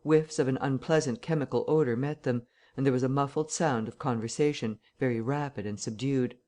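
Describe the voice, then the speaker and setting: A man reading a classic novel aloud as audiobook narration, measured and steady. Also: mid-range voice.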